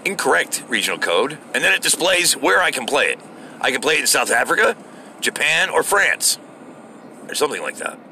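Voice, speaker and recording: Talking a little fast in a fairly high, bright and forceful voice, this middle-aged American podcast host is very animated as he rants on his own. He swears freely and sounds exasperated, and there's slight background noise.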